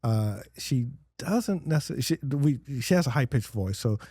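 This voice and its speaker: Male podcast guest, mellow warm tone, rambling storyteller who acts out quotes, dry studio sound. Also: mid-range voice, moderate pace, husky, no room sound. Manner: rambling storyteller, many fillers and restarts, animated quotes. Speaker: guest, business owner. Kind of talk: casual interview chat.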